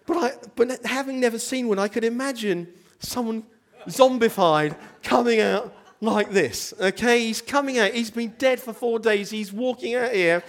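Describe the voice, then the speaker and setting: A man's voice: very high-pitched, moderate pace, hardly any pauses. A man preaching a sermon, telling a story with animation and asking the congregation questions. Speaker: pastor.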